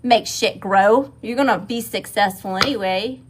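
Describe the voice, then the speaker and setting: A woman's voice: medium pitch, normal speed, noisy background. A woman from Mississippi with a Southern accent, giving a casual livestream tarot reading, swearing freely and calling her viewers y'all. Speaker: tarot reader.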